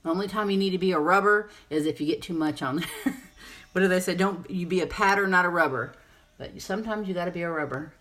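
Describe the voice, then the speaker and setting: Chatty woman with a low voice, rambling through a live makeup demo. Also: quick pace, a bit bright. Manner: chatty, rambling, answers viewer comments. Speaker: makeup seller and presenter. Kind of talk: casual live makeup tutorial.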